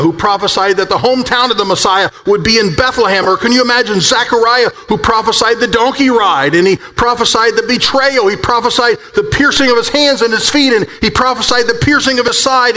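A man delivers a sermon with a voice that sits a little high for a man. He swings from soaring, urgent exclaims down to hushed, low passages, and he acts out the prophets he quotes with a rising voice. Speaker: pastor.

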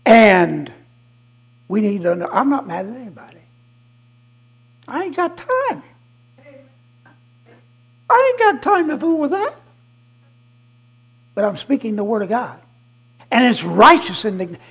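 A guest preacher giving a fiery sermon, emphatic and repetitive, swinging from shouted declarations to hushed asides. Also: medium pitch, huge pitch swings, a little slow, long pauses, slightly rough, low-quality recording.

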